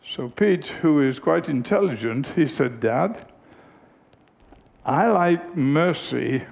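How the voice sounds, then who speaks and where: A man preaching a sermon, telling a family story in a slow, deliberate, teaching tone. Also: fairly high pitch, vocal fry, lo-fi sound.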